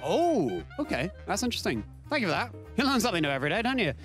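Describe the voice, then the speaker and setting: Lively high-voiced man hosting. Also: fast, soft background music. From Britain. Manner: teasing, upbeat, repeats lines for effect. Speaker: host of a quiz segment. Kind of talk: playful quiz hosting.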